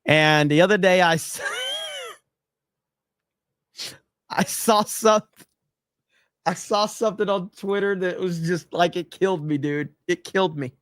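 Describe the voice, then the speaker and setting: A man hosting a livestream, reading chat messages and riffing on them in a loose, swearing, laugh-prone way. His voice sits a little high for a man. The sound is dry and close, with no room echo. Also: fairly even intonation, moderate pace, few pauses, fairly bright tone, clear, resonant tone. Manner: loose and profane, laughs often. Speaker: podcast host reading viewer chats.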